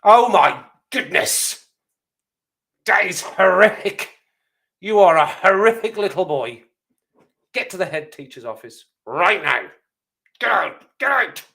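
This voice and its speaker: A man voicing a shrill, furious female schoolteacher who scolds with outrage. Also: expressive, moderate pace, few pauses, sharp tone. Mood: horrified.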